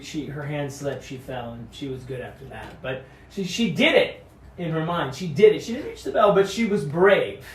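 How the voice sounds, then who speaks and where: A man's voice: medium pitch, darkish tone, a little hiss or hum. A man giving an earnest devotional sermon that urges courage and repeats key phrases, recorded off-mic in a room. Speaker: pastor. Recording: echoey room, mic at a distance.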